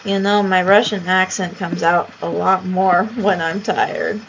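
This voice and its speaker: A woman's voice: on the low side, measured pace, vocal fry, muffled recording, noisy background. A woman playing a video game, chatting casually with a playful, teasing manner. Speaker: gamer. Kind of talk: casual gaming chat.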